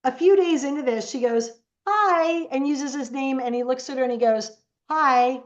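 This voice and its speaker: A woman speaks as a podcast guest, her voice sitting a little high. She tells stories casually and animatedly, slipping into the voices of the people she quotes. The recording sounds dull and lo-fi. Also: fairly quick, mellow. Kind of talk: casual storytelling.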